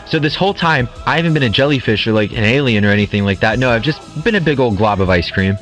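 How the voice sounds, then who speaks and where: A man's voice: medium pitch, expressive, fast talker, fairly bright tone, faint music behind, close to an everyday voice. A man playing a smug game show host. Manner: teasing, playful. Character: smug male game show host, an ice cream being. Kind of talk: comedic audio drama.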